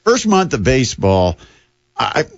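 A man's voice: medium pitch, huge pitch swings, measured pace, creaky, no echo, muffled recording. An older man hosting a sports radio show, chatting casually in a rambling, self-deprecating way.

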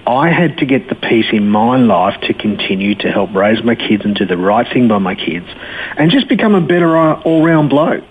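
A middle-aged man telling his life story to an interviewer, blunt and animated, acting out the people he quotes. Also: mid-range voice, normal speed, husky. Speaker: guest. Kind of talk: personal testimony in an interview. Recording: tinny phone-line sound.

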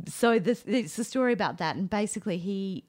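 A woman's voice: medium pitch, animated, brisk, darkish tone. A woman co-hosting a casual book podcast, talking animatedly with frequent laughs and fillers. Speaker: podcast co-host. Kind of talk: casual chat about books.

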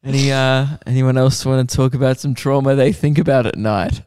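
Male comedian, mid-pitched, offhand and teasing, dry studio sound. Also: steady tone, a little fast, a little mellow, clean tone, no echo. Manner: teasing, offhand, guessing aloud. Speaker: comedian co-host. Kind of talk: casual podcast chat.

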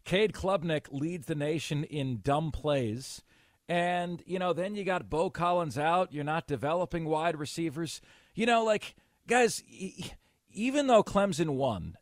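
A man's voice: fairly high pitch, no room sound, studio quality. Emphatic male sports radio host. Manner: emphatic, blunt, sarcastic.

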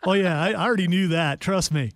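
Dry-sounding higher-voiced male co-host. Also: fast, dry recording. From Ohio, US. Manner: teasing, matter-of-fact. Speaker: radio co-host. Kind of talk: casual sports radio chat.

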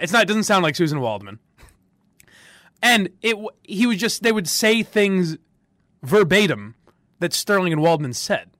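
A man's voice: high-pitched, moderate pace, long pauses, no echo, studio quality. A man hosting a sports radio podcast, chatting casually with strong opinions, rambling and laughing often. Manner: rambling, animated, laughs often, restarts sentences.

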